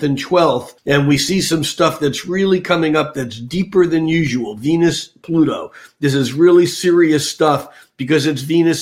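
An older man, an astrologer on a podcast, talking casually with many fillers and restarts. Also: fairly high pitch. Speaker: astrologer guest.

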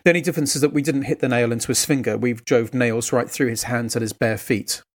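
A man's voice: mid-range voice, steady tone, quick pace. A man preaching a sermon, telling a family story in a conversational, earnest way. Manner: earnest, exhortative.

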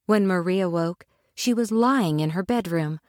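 Expressive woman reading a storybook. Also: fairly low pitch, moderate pace, no room sound, studio quality. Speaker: narrator.

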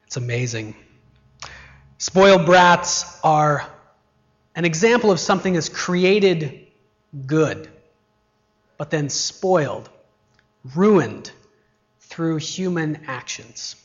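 Slow-speaking preacher man, slightly high voice. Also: muffled recording. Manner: rhetorical questions, varied emphasis. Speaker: pastor. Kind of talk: sermon.

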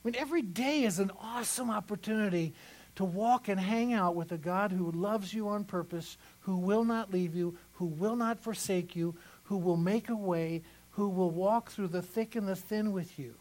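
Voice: mid-range voice, normal speed, a little mellow, low-quality recording. Conversational pastor preaching a sermon. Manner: conversational, repeats phrases for emphasis.

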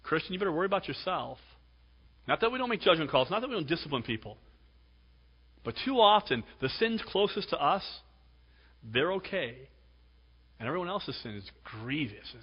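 A male pastor preaching a sermon, emphatic, swinging between loud exhortation and hushed tones. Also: on the high side, sing-song, moderate pace, long pauses, breathy edge. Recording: dull lo-fi recording with long hall reverb.

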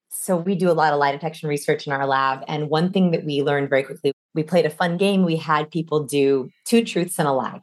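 A young adult woman, a guest expert on communication, explaining energetically in an interview. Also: sits low. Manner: energetic, demonstrates voices mid-sentence. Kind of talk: animated interview explanation with vocal demos.

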